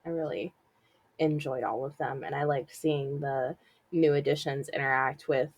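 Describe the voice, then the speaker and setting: A woman's voice: a bass voice, normal speed. A young woman co-hosting a podcast in casual chat, telling stories with laughter. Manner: lively, animated storytelling, laughs often. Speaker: podcast co-host.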